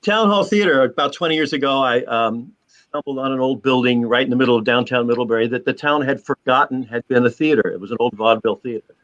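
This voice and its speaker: A man's voice: mid-range voice, fast talker, a bit bright, highs cut off. A man who directs a theater, speaking as an interview guest and telling stories about it.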